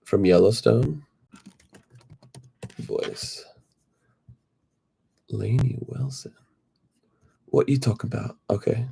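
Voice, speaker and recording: A man's voice: fairly low pitch, slow, vocal fry, long pauses, husky. A man co-hosting a casual livestream, playful and teasing as he chats with viewers. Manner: playful and teasing, lively delivery. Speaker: livestream co-host.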